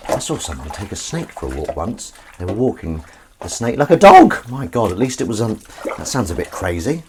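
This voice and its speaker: A man's voice: fairly low pitch, very animated, a little fast, background noise. Rambling, chatty man washing up. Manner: rambling, chatty, talks to viewers and his cat, sings little tunes. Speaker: live-stream host. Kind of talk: casual live-stream chat while washing up. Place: home kitchen.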